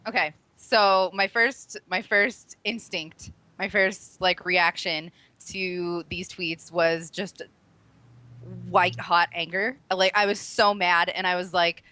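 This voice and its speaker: A woman co-hosting a podcast, speaking in halting, repetitive bursts and swearing freely. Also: on the low side, fairly even intonation, bright, forceful tone, clean tone, dry recording. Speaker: podcast co-host. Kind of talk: casual chat.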